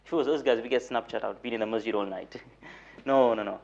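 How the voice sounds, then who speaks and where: Fast-talking young moulana on a dull recording. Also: male voice, medium pitch, vocal fry. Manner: animated storyteller, repeats words for emphasis, light humor; recites Arabic rapidly. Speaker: moulana giving a weekly lecture. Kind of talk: mosque lecture with storytelling. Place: mosque.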